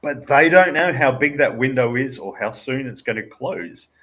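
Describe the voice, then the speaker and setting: A man's voice: mid-range voice, animated, normal speed, pushed and bright. Male co-host on a games chat stream; reasons things through aloud, easy laugh. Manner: thoughtful, analytical, laughs often. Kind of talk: casual chat about tabletop games.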